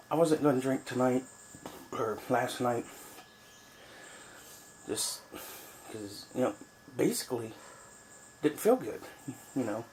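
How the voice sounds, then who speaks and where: A man rambles casually to a handheld camera inside a small woodland cabin, his talk loose and full of fillers. His voice sits at an ordinary middle pitch, with a faint hiss and the crinkle of snack bags behind him. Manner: rambling, chatty, many fillers. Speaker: vlogger on a cabin trip.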